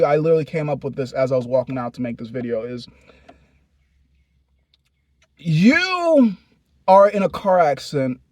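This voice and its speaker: A young man with a high, very lively voice talks straight to camera with no script. He rambles and swears, jumping from loud outbursts to low mutters, in a dry, close sound. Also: no echo. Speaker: vlogger. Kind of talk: unscripted monologue to camera.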